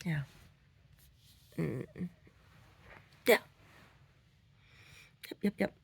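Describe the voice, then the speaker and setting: Gravelly, husky woman rambling casually. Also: low-pitched, animated, extremely slow. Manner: rambling and profane, with frequent restarts. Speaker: conceptual artist. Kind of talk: casual chat vlog storytelling.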